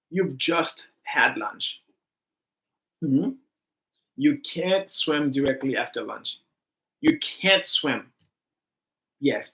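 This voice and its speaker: Lively man teaching an online English class. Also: a little high. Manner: animated, repetitive, coaxing students. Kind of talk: online grammar lesson.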